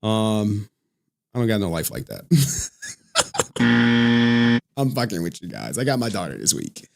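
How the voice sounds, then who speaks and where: A man's voice: fairly low pitch, big pitch swings, a little slow, gravelly, darkish tone. Guy hosting a stream, jokey and cussing, laughs a ton, voice jumps up and down a lot. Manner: joking, profane, laughs often. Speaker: livestream host. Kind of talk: casual livestream chat.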